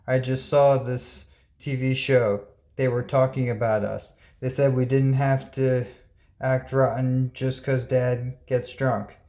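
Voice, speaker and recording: A man reads a comic book aloud in an unhurried, plain manner, voicing each character without much change. His mid-pitched voice stays flat and even throughout. The room around him gives a noticeable echo. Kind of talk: reading a comic aloud, voicing all parts.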